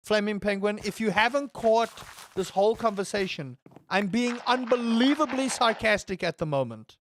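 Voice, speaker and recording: A man with a high, light voice streams a game and talks to his chat. He rambles sarcastically and trips over strings of stammered fillers. A faint hiss sits under his voice. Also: normal speed, fairly bright tone. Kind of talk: casual live-stream chat with viewers.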